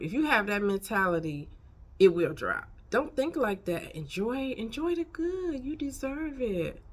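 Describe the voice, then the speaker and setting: A woman's voice: on the high side, sing-song, measured pace. A woman in her fifties giving frank, folksy life advice in a casual vlog, chatting straight to her viewers. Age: 50s. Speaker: life coach. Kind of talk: casual motivational vlog talk.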